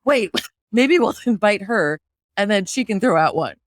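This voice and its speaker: A woman hosting a podcast in casual chat, playful and animated, often jumping higher in pitch while joking. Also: moderate pace, slight background noise. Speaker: podcast host.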